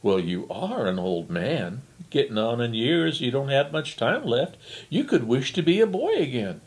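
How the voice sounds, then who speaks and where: A man voicing a scheming male devil who puts on a high, sugary fairy godmother voice in a told story. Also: very animated, normal speed. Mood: coaxing. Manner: sugary, high put-on sweetness.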